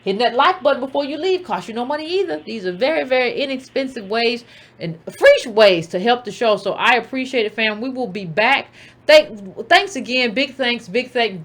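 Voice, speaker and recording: A woman host gives blunt political commentary in a loose, conversational way. Her voice sits a little higher than most. She talks to her viewers directly and familiarly. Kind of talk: casual direct-to-camera political talk.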